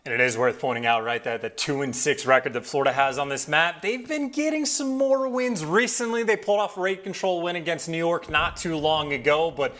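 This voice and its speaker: A male analyst breaking down a match in measured, analytical commentary. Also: fairly high pitch, a bit bright. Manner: measured, analytical, slight restarts. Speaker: esports analyst. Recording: music bed underneath.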